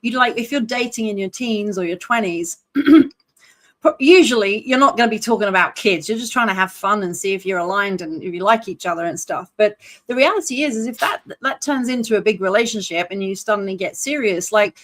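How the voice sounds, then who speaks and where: A woman's voice: mid-range voice, fairly quick, a bit bright. A middle-aged woman co-hosting a live podcast, chatting casually and reading viewer comments aloud. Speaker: podcast co-host.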